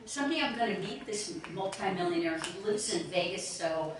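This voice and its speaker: A woman's voice: mid-range voice, animated, normal speed, heavy background noise. A woman giving a playful toast at a party. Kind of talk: casual speech. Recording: echoey room from far off, clicks.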